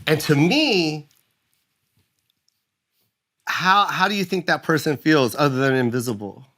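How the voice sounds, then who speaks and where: Bright-voiced, animated man telling stories. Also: fairly high pitch, unhurried. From United States. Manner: animated storytelling, laughs often. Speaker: guest comedian. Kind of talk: casual podcast chat.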